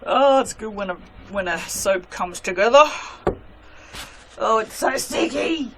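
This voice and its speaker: A woman's voice: fairly high pitch, lively intonation, unhurried, gravelly, background noise. A young woman chatting casually while cutting soap in a cold workspace at night, gushing and poking fun at herself. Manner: gushing, self-mocking, chatty with her cat. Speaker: soap maker.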